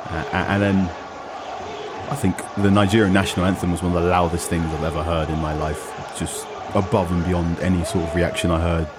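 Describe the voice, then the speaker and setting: A British man working as a football journalist, telling a story in a relaxed, conversational way with many fillers and restarts. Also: low voice, brisk, noisy background. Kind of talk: conversational reporting.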